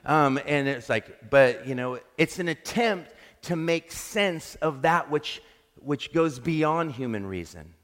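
A man's voice: fairly high pitch, animated, takes it slowly, a bit bright. A man preaching a sermon as pastor, earnest and reflective, often restarting his sentences. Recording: long reverb of a large hall.

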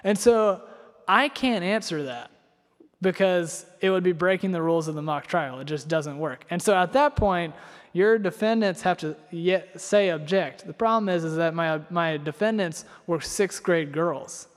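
Young guy from north carolina preaching, kinda higher voice, rambly and self-deprecating, big echoey hall. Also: a little slow. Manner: rambling, self-deprecating, heavy on filler words. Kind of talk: sermon with personal storytelling. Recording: long hall reverb.

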